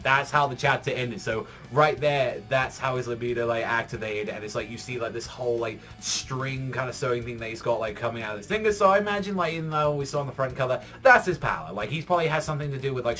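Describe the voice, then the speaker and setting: A man's voice: mid-range voice, fairly quick, fairly bright tone, soft background music. A man giving a casual, rambling spoken review of a manga chapter, filling his talk with "like" and swearing freely. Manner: rambling, heavy use of "like", swearing.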